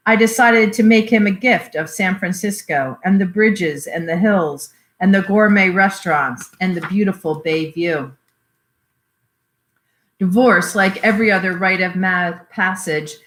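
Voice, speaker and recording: A woman reading a memoir aloud in a measured storytelling way. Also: medium pitch. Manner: measured storytelling with voiced quotes. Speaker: reader. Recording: roomy echoey recording.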